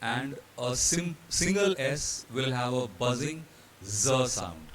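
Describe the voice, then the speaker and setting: A man's voice: mid-range voice, slow pace, a bit bright, a little hiss or hum. Indian man walking through slides. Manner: explanatory, with fillers and restarts, spelling out letters. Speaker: hotel training instructor. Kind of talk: slide-based pronunciation lesson.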